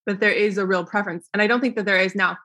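Bright-voiced chatty young woman. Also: mid-range voice, steady tone, very fast, breathy edge. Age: young adult. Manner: chatty, laughs often, acts out quoted people. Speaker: podcast guest. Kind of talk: casual interview talk.

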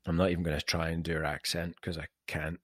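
A man with a fairly low voice hosts a casual podcast chat. He tells stories with animation and often sinks to a hushed, savoring near-whisper. The sound is close and dry, with no room around it. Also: flat delivery, quick pace, no room sound. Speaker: podcast host.

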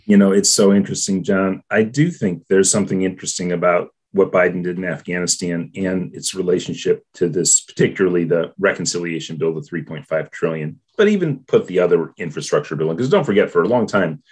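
A man giving his take on politics in a casual discussion, measured and thoughtful, with many pauses and fillers. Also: deep voice, a little mellow, slightly rough. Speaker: political commentator.

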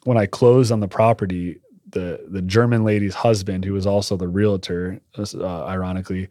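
A young man spins a rambling, animated story in casual podcast chat, cursing offhandedly. His voice sits on the low side. The sound is dry and close, with no room echo. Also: moderate pace. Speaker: podcast guest, cannabis shop owner.

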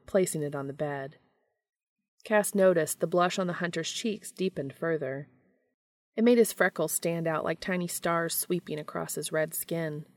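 A woman reading fan fiction aloud in a measured, even storytelling manner. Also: deep voice, dry recording, studio quality. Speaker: fanfiction reader.

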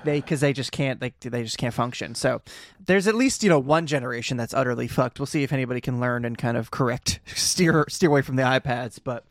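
A man's voice: medium pitch, fairly quick, dry recording, clean studio sound. A man co-hosting a podcast in casual chat, making wry, sarcastic quips and swearing freely. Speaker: podcast co-host.

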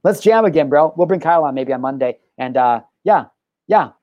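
A man hosting his own live-streamed talk show, talking in an energetic, rambling, upbeat way with loud whoops. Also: on the high side, brisk, no room sound, lo-fi sound. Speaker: show host.

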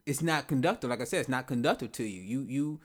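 A fast-talking man with a medium-pitched voice hosts a podcast. In a casual, reflective ramble, he repeats himself and asks rhetorical questions as he works through his ideas.

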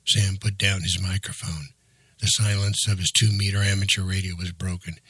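A man narrating an audiobook in a steady, even storytelling manner. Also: low-pitched, moderate pace, husky, no room sound.

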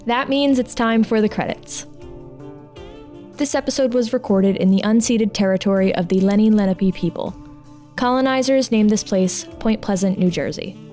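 A woman's voice: medium pitch, moderate pace, dark tone. A woman hosting a podcast, reading a lightly joking scripted outro and credits. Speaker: podcast host. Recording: faint music behind.

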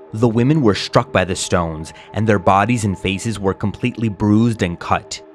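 Male narrator, lowish voice, grave and measured chronicle reading, faint music under. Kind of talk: solemn scripted reading of a historical chronicle.

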